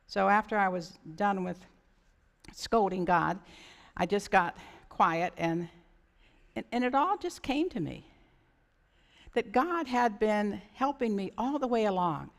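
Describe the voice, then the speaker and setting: Woman pastor, gravelly edge, storytelling sermon with acted-out voices, echoing church sanctuary. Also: medium pitch, lively intonation, slow pace, long pauses. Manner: conversational storytelling, acts out voices.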